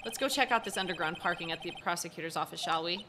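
A woman voicing a young male defense attorney in a calm, wry reading close to her own voice. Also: fairly low pitch, fast talker, over music, voice pushed down, natural voice.

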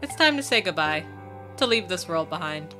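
A woman reading a gentle, fading star princess aloud from game text, in a soft, plain delivery. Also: fairly low pitch, animated, normal speed, soft background music. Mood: tender.

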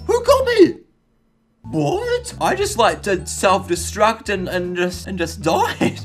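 A young man giving excitable, goofy gameplay commentary as a channel host, yelping and shouting at sudden moments. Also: high-pitched, slow, faint music behind. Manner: goofy self-mocking banter.

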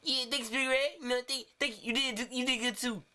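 A man's voice: extremely high pitch, steady tone, moderate pace, pushed and bright, exaggerated voice. A man voicing a nervous, agreeable male bird sidekick who repeats himself in a puppet comedy skit.

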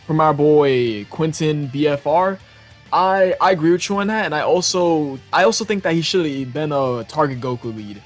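Young male gaming host, raised pitch, profane and excitable, reacting casually with faint guitar music behind him. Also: normal speed. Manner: excitable, profane, laughs often.

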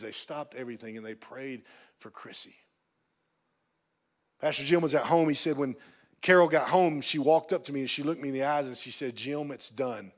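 A man pastor preaching a sermon in a church, telling a story that swings from hushed, quiet passages to emphatic, raised pleading. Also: mid-range voice. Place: church sanctuary.

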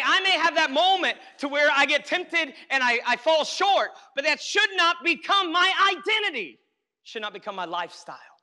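A man's voice: very high voice, pushed and bright. A male pastor preaching a sermon, emphatic and repetitive, often calling out to the congregation to listen. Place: church sanctuary. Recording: long hall reverb.

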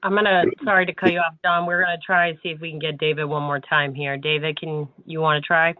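A man moderating a conference call, speaking quickly and briskly. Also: on the high side, flat delivery, no echo. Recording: dry, tinny phone-like audio.

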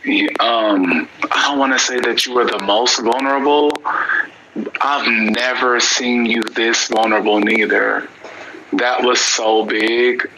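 A man talking casually on a live stream, supportive and encouraging. His voice stays flat and even at a middling pitch. Clear noise sits under the audio. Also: a little slow. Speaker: fellow participant responding.

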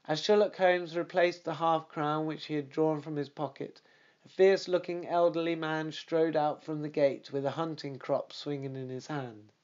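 Male reader for a classic detective audiobook, steady, slightly high voice, dull lo-fi sound. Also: normal speed. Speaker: audiobook narrator. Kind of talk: scripted narration of a classic detective story.

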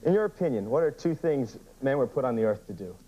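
Quick offhand guy on a dating show, old dull tv tape with a bit of hiss. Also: mid-range voice, expressive. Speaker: game show contestant. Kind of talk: asking quick questions on a TV dating game.

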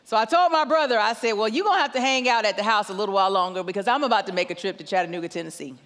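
A woman's voice: medium pitch, racing, a bit bright. A middle-aged woman preaching as a guest pastor, telling a family story with acted dialogue. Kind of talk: sermon with storytelling. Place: large church auditorium. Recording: long church hall reverb.

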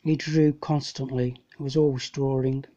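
A man's voice: mid-range voice, level tone, normal speed, warm tone. A man talking about paintings in a casual, rambling way, often stopping to hesitate and correct himself. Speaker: amateur painter presenting his copies. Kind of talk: casual narrated slideshow. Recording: dull lo-fi home recording.

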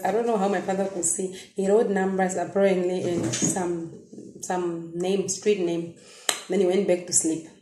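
A young woman with a Namibian accent talks straight to her viewers, stopping and restarting as emotion catches her. Her tone is mellow and warm rather than bright. The room around her rings with noticeable echo. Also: medium pitch. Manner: emotional, halting, many restarts and fillers. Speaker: vlogger. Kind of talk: personal storytelling to viewers. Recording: echoey room.

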